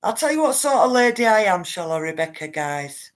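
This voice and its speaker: A woman hosts a casual livestream, chatting to her viewers in a rambling way, reading their comments aloud and calling them guys and love. Her mid-range voice has big pitch swings and moves a little fast.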